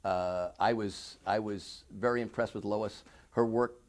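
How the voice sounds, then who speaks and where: A middle-aged man giving an oral history interview, speaking earnestly with many halting restarts. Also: on the low side, fairly even intonation. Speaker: interviewee, victim services director.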